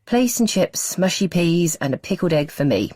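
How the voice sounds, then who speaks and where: A woman's voice: fairly low pitch, big pitch swings, moderate pace, a little mellow, no echo, voice pushed up. A woman voicing a grumpy teenage boy who mutters dryly at his little sisters in an audiobook. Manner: muttering, dry. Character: grumpy teenage boy, reluctant big brother.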